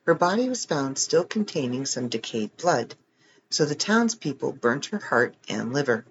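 Male reader, casual, wry asides, animated pitch, slightly muffled home recording. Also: moderate pace, slight background noise. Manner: joking, reads text then adds wry comments. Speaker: reader of online articles. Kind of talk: casual reading aloud with asides.

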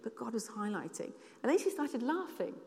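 A woman's voice: fairly high pitch, very animated, normal speed, dark tone. A woman giving a church sermon, telling personal stories in an earnest, conversational way. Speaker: church speaker. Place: church hall. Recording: long hall reverb.

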